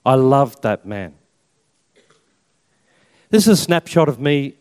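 A man's voice: medium pitch, very animated, slow pace, a little mellow, clean tone. An Australian Catholic priest in his fifties giving a chatty personal testimony with slides and self-mocking humour. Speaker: Catholic priest and army chaplain. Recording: long reverb in a hall.

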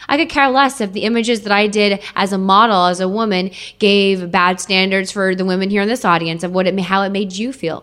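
A woman's voice: medium pitch, steady tone, a little fast, few pauses, fairly bright tone. Woman giving an emotional personal testimony. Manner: emotional, repeats phrases for emphasis. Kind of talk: personal testimony talk to an audience.

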